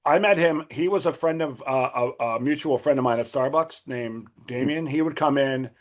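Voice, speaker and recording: A middle-aged man casually telling a long story as a podcast guest, acting out the people he quotes with big jumps in pitch. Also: moderate pace.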